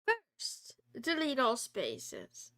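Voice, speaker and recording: A woman thinking aloud while she works through a coding exercise on a quiet live study stream, halting and muttering, often half-whispered, with nervous laughs. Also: a little high, huge pitch swings.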